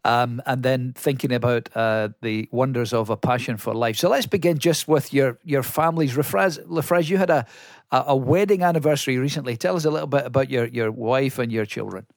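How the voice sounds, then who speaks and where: A man's voice: medium pitch, a little fast, no echo, studio quality. A man hosting a podcast, chatting with guests in a friendly, lightly humorous way. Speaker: podcast host. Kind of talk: casual interview chat.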